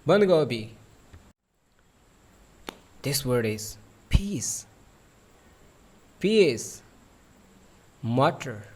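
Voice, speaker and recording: Slow, drilling male English teacher. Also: medium pitch. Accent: South Asian English. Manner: repeats each word several times with translations. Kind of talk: vocabulary lesson for kids.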